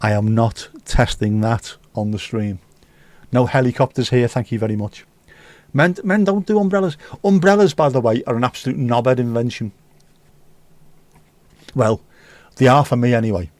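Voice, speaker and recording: A man's voice: medium pitch, flat delivery, normal speed, long pauses, darkish tone, no room sound. Jokey, sweary man chatting on a livestream. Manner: rambling, jokey, sweary anecdotes. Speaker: livestream host. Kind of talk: casual livestream chat.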